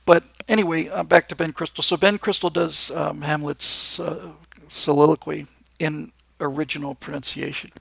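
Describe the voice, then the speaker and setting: A man's voice: fairly high pitch, fairly even intonation, normal speed, gravelly, slightly rough, dry recording. A man hosting a live show, talking in a casual, enthusiastic and rambling monologue, with frequent restarts. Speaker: host.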